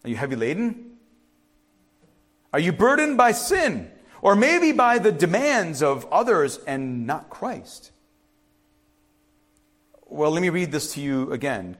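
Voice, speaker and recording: A middle-aged man preaching a sermon as pastor, urging loudly one moment and dropping to quiet asides the next. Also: a little high, slow, long pauses. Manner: animated, swings from loud urging to quiet asides.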